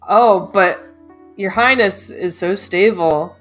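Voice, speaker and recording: A woman's voice: medium pitch, expressive, a little slow, pauses often. A young woman streamer chats playfully through a dating game, giggling often. Her nose is slightly stuffy, and faint background music plays under her voice. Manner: playful, giggly, reads dialogue aloud. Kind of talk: casual gameplay commentary.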